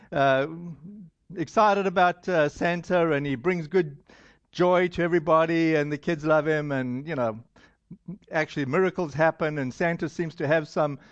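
A man's voice: a little high, no room sound. A man with a non-American accent preaching a sermon to a congregation in a loose, rambling way, full of fillers and restarts. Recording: dull lo-fi sound.

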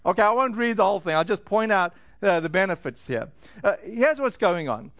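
A man preaching a sermon in a conversational, joking way, full of fillers and slowed-down emphasis. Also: sits high, expressive, vocal fry, fairly bright tone. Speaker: pastor.

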